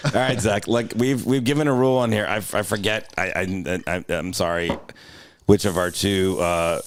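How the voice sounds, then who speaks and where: A man's voice: deep voice, fairly even intonation, moderate pace, a little hiss or hum. A young man co-hosting a comedy podcast in a studio, rambling, teasing and swearing in casual banter. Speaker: podcast co-host.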